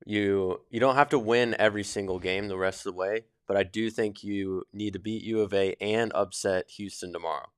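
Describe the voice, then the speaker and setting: A man's voice: fairly low pitch, fairly even intonation, moderate pace, hardly any pauses, clean tone, no room sound, clean studio sound. A man co-hosting a casual sports talk show, speaking in a laid-back way with some hesitant restarts. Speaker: co-host.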